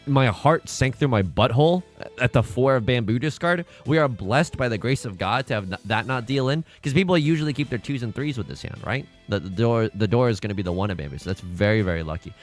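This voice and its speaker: A man streams his gameplay live and keeps a playful running commentary. His pitch swings widely as he jokes and often jumps into loud outbursts. Faint game music plays behind him. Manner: animated, jokey, bursts into sudden loud exclamations.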